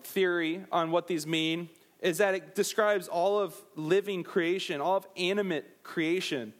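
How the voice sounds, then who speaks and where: High-voiced young man preaching casually. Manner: casual, jokey, addresses listeners as guys. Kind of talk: sermon.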